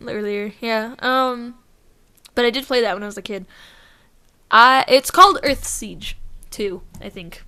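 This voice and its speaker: A woman chats loosely on a podcast in a bright, slightly high voice. She laughs a lot and swears offhandedly. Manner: laughs often, swears casually. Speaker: podcast co-host. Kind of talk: casual chat.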